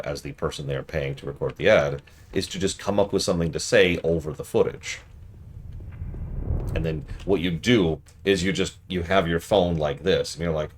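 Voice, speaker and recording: A man with a very low voice that still swings widely in pitch, talking casually as a game streamer. He rants in a wry, mocking way between moments of play. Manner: wry, ranting, mocks the ads he criticizes. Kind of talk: casual commentary while playing.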